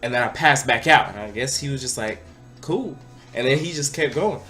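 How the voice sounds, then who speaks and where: A young man vlogging, telling a party story in a casual, excitable way and sometimes shouting out what people said. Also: mid-range voice, quick pace, soft background music. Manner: animated, excitable, breaks into loud acted-out quotes.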